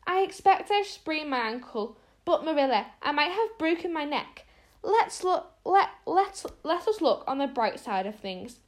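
A woman's voice: sits high, big pitch swings, unhurried, pitched above the performer's own voice. A woman voicing an imaginative young girl who speaks in an earnest, theatrical way, read from a storybook. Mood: reassuring. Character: dramatic, imaginative young girl, hurt but brave. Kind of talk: storybook reading.

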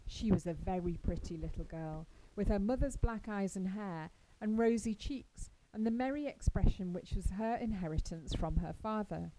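A woman narrating a classic story in a measured, expressive storytelling manner. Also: mid-range voice, background noise. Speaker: audiobook narrator. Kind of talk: scripted narration.

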